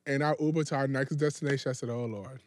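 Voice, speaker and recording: A man's voice: medium pitch, steady tone, quick pace, slight background noise. A man co-hosting a casual gossip chat, teasing and telling stories dramatically. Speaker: podcast co-host.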